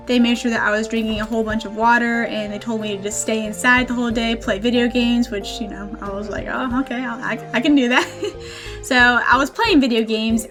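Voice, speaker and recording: A woman in her twenties telling a personal story in a casual vlog, chatty and self-deprecating, laughing often. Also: fairly high pitch. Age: 20s. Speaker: gaming channel host.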